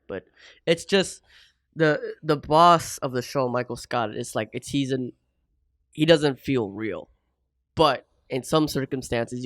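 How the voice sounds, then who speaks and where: A man co-hosting a podcast in casual chat, animated and laughing often as he asks questions. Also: mid-range voice, dry recording, studio quality. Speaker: podcast co-host.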